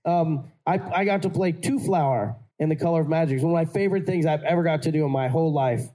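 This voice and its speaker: Animated middle-aged actor with a mellow voice. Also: male voice, on the high side, quick pace, poor audio. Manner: animated, jokey, many restarts. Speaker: actor guest on stage. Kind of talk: storytelling chat before an audience.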